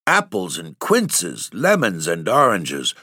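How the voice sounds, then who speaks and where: A man's voice: low-pitched, lively intonation, fairly bright tone, dry recording, clean studio sound. A man hosting and reading a long poem aloud in an ominous, theatrical way. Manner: ominous, drawn-out theatrical delivery. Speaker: narrator and host.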